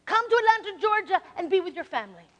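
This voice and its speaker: Woman doing a pleading daughter, sweet and coaxing, high, echoey hall. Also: lively intonation, fast talker, a bit bright. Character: pleading grown daughter, affectionate. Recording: reverberant hall.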